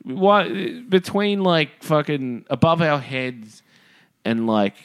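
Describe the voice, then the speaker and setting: A man's voice: fairly high pitch, expressive, takes it slowly, a bit bright, smooth. Crude, joking Australian man. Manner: crude, joking, profanity-laced rambling. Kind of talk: casual chat.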